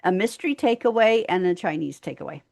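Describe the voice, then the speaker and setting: A woman's voice: on the low side, animated, fast talker, creaky, a little mellow. A woman co-hosting a podcast, chatting casually and finishing her co-host's sentences. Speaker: podcast co-host.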